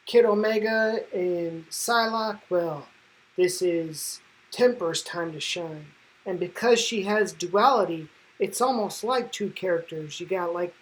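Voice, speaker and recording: A woman's voice: medium pitch, poor audio. A woman giving casual, enthusiastic commentary as a comic book reviewer, slangy and full of fillers.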